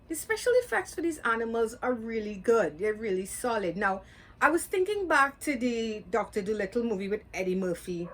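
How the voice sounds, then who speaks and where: A woman talks through a movie review in a loose, conversational way, stopping and restarting her sentences as she thinks. Her voice sits a little on the high side. She sounds candid and unscripted. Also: a bit bright. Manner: chatty, candid, with filler words and restarts. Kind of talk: casual spoken review.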